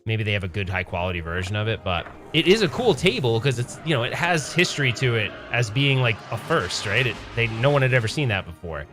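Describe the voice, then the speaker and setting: A man's voice: mid-range voice, animated, a little fast, hardly any pauses, music in the background. Rambling man hosting a pinball stream. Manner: rambling, self-correcting, chatty with chat. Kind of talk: casual livestream commentary.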